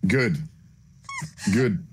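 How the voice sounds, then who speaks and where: A man's voice: fairly low pitch, drawn-out words, a little hiss or hum. A man streamer in casual banter, smugly teasing and mock-stern with his co-host.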